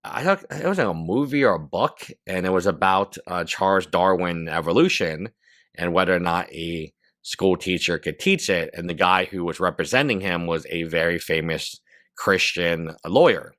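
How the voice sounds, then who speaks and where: Man with a very low, bright voice, halting video commentary, dry sound. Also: no room sound. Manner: halting, many fillers. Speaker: commentator in a played clip.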